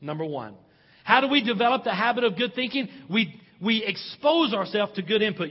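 A man's voice: high voice, animated, moderate pace, husky, big-room sound, muffled recording. A male pastor preaching a sermon, stressing points and putting questions to his congregation.

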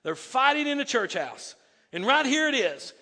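A man's voice: very high-pitched, very animated, moderate pace, sharp tone. A male pastor preaching a sermon, reading scripture aloud with emphatic asides and stumbling restarts. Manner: repeats words when starting sentences. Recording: echoey hall reverb.

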